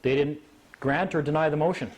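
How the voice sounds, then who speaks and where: A man speaking to a live audience, telling a story with animated delivery and acting out the voices of the people in it. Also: a little high, brisk. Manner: animated, acts out quoted voices.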